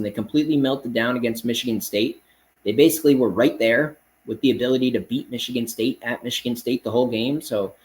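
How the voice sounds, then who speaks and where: A man hosts a casual sports betting picks show, rattling off games in a rapid-fire monologue, confident, blunt, and brash, often calling his listeners "man." His voice is medium-pitched and the audio quality is poor.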